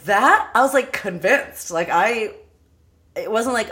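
A young woman chatting casually about a film, animated and quick to laugh. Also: medium pitch. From Los Angeles area, US. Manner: animated, laughs often, quotes people in voices. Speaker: podcast co-host.

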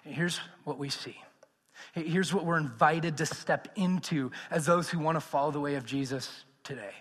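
A man with a high voice preaching to a congregation. He keeps it animated, rising to loud emphasis and then dropping to hushed tones. A long reverb trails his words through the hall. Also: moderate pace, breathy edge. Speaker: pastor. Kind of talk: sermon.

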